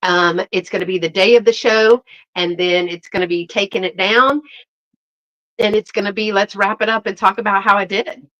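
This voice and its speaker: A woman's voice: medium pitch, steady tone, moderate pace, fairly bright tone, dull audio. Chatty woman on a live stream. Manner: rambling and chatty, many fillers, greets viewers by name. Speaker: host. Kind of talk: casual live-stream chat.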